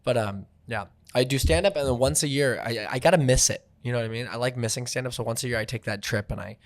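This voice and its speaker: Quick-talking male comedian host, animated storyteller who slips into voices, mid-pitched. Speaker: stand-up comedian, podcast host. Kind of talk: casual comedy chat.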